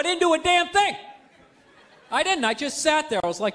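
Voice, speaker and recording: A middle-aged male comedian rants through his stand-up set in a high, bright, forceful voice. He talks loudly and breaks into sudden shouts, over a faint room ambience. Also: sing-song, normal speed, a faint crowd, a little hiss or hum. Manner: loud, ranting delivery with sudden shouts.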